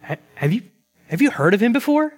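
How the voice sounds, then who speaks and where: A man's voice: very high-pitched, big pitch swings, a little fast, voice pushed up, exaggerated voice. Chatty curious woman, as a preacher puts her on. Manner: chatty, stammering. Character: curious, friendly woman in a congregation. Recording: long reverb in a large hall.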